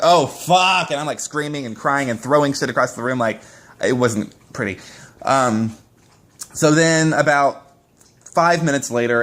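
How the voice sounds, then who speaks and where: A young man vlogging straight to camera in casual talk, emotional and upset, swearing often and restarting his sentences. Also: mid-range voice. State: upset, shaken. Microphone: camera mic, face-to-face video.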